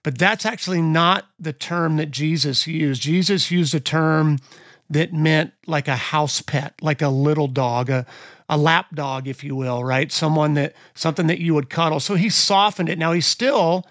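A man's voice: a little high, normal speed, a bit bright, no echo, studio quality. A man co-hosting a Bible study podcast, explaining with small stammers on his first words. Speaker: podcast co-host. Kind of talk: casual Bible study discussion.

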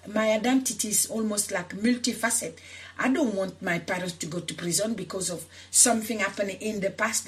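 A woman's voice: mid-range voice, fairly bright tone. A woman activist from Senegal who grew up in France, telling her personal story in an interview, earnest and emotional, with many restarts. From Senegal, raised in France. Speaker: activist guest.

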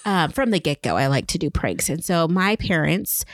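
A woman's voice: sits low, sing-song, moderate pace, no room sound, clean studio sound. A woman in her forties co-hosting a podcast, telling a story in a laid-back, wry way and laughing at herself. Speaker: podcast co-host. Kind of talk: casual storytelling chat.

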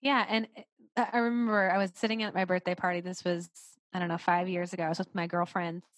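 A woman's voice: fairly low pitch, flat delivery, fast talker, no echo. A woman hosting a podcast, telling stories expressively and reflecting thoughtfully in casual conversation. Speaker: podcast host.

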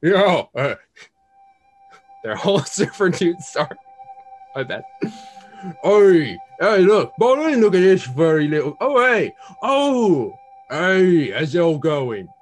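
Guy doing a rowdy friendly adventurer dude, pitched up and loud. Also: lively intonation, slow pace, long pauses, breathy edge, soft background music, full character voice. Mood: excited. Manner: boisterous, upbeat, slangy.

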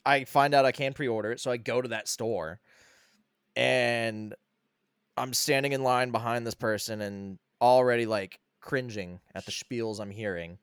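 Animated swearing man telling a story. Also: medium pitch, a little slow, smooth, no echo, clean studio sound. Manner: swearing, animated retelling with quoted voices. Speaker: podcast co-host. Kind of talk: casual chat, storytelling.

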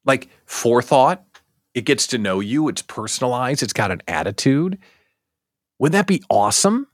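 A man hosting a livestream talk show, joking and animated, often throwing rhetorical questions at his viewers. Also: medium pitch, normal speed, dry recording, clean studio sound. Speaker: host.

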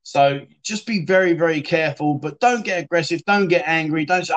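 A man's voice: on the high side, very animated, brisk, hardly any pauses. A man hosting a casual livestream, chatting and reading out viewer comments in a rambling way, often saying "mate.". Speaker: livestream host.

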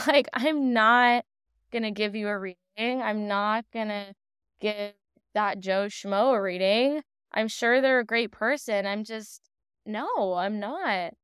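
A woman's voice: medium pitch, slow, fairly bright tone, smooth. A woman in her late twenties hosting a solo podcast, talking in a bubbly, effusive way and gushing with wonder. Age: 20s. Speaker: podcast host. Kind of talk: casual solo podcast monologue.

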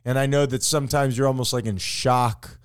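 A man's voice: a little fast, clean tone. A man co-hosting a podcast in casual comedic chat, playful and mock-grandiose in his delivery. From Florida, USA. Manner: playful, mock-grandiose, lively pitch swings. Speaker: podcast co-host.

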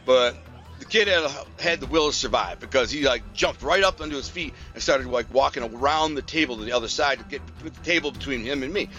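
Bright-voiced man telling a rowdy story. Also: medium pitch, fairly quick, dull audio, faint music behind. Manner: rambling, slangy, full of fillers and restarts. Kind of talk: casual personal storytelling.

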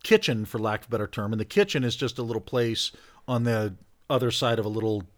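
A man telling a camp story in casual talk, animated, getting louder at the funny parts. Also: medium pitch, fast. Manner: animated storyteller, rising loud for punchlines. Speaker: podcast guest, hunter.

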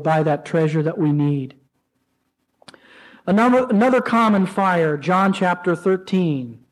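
High-voiced male pastor preaching. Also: poor audio. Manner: preaching with rising emotional pleas and dramatic pauses. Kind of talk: sermon.

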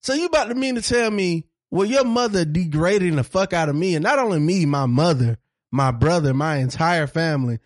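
A man's voice: on the high side, brisk, dry recording, clean studio sound. A man co-hosting a casual podcast chat, heated and profane, repeating his points for emphasis. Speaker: podcast co-host.

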